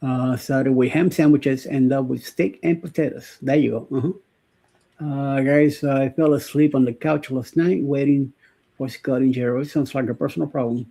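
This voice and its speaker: A man's voice: medium pitch, fairly even intonation, moderate pace, creaky, mellow. A man co-hosting a casual morning live show, joking and rambling with lots of fillers and laughter. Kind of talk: casual live-stream chat.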